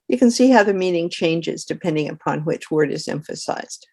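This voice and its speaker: A woman's voice: sits low, expressive, normal speed, few pauses, darkish tone, breathy edge. A woman giving a tutor training presentation, explaining reading activities in a conversational, practical way. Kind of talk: instructional presentation.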